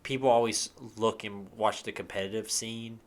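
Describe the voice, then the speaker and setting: A man's voice: lowish voice, fairly even intonation, normal speed. A man co-hosting a casual gaming podcast, talking enthusiastically, swearing freely and sometimes humming tunes. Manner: enthusiastic, swearing, hums tunes and acts out quotes. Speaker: podcast co-host.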